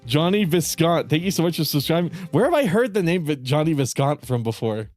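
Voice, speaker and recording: A man casually chatting on a gaming livestream, cursing freely and cracking jokes between lines. His voice sits a little high and swings widely in pitch. Soft game music plays under him. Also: big pitch swings, fairly quick. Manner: profane, joking, frequent laughter. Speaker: streamer.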